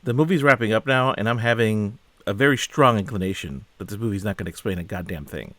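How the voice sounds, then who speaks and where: A man with a slightly low voice talks through a film in casual reaction commentary. He comes across as baffled and increasingly fed up. He keeps asking what he is looking at and often breaks off mid-sentence to start again. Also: quick pace, a bit bright, no echo. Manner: puzzled, exasperated, asks many questions; trails off and restarts mid-sentence.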